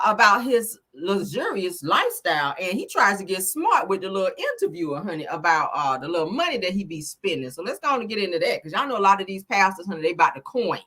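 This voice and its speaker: A woman with a medium-pitched, fairly bright voice hosts a casual live gossip stream. A little tipsy, she chats, swears freely, and calls her viewers honey and child.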